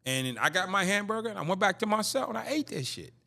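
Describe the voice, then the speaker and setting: Man, 50s, interview guest, animated storyteller, fairly high voice, big pitch swings. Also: quick pace, gravelly. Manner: animated, streetwise, acts out dialogue.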